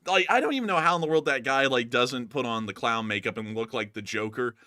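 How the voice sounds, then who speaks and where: A man hosting a casual live stream, talking in an animated, mocking way with lots of "like" and "dude". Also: medium pitch, quick pace, dry recording, studio quality. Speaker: host.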